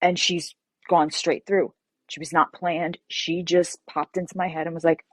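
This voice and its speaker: A woman novelist as an interview guest, telling animated stories and acting out quotes. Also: lowish voice, moderate pace, no room sound. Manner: animated storyteller, acts out quotes. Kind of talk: casual interview chat.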